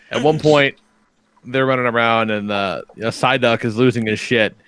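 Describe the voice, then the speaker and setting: A man's voice: mid-range voice, lively intonation, measured pace, a bit bright, no echo. A middle-aged man hosting a podcast, telling profane stories and laughing often in casual chat. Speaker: podcast host.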